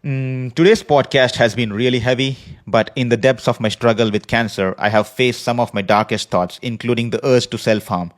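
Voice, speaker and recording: A man hosting a podcast, speaking in an earnest, measured personal monologue from a prepared script. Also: medium pitch, steady tone. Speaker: podcast host. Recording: podcast voice recording.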